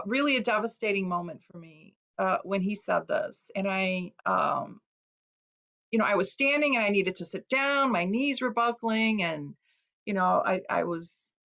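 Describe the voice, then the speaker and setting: A woman from Chicago, an author giving a talk, recounting a personal story in an earnest, emotional way with hesitant pauses. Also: medium pitch, fairly bright tone, lo-fi sound. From Chicago, USA.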